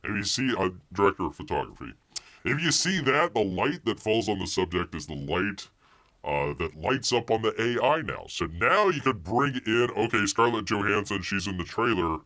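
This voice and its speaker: A man's voice: on the low side, very animated, normal speed, sharp tone. A man hosting a live stream, chatting casually, reading viewer comments aloud and rambling with repeated phrases. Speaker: live show host.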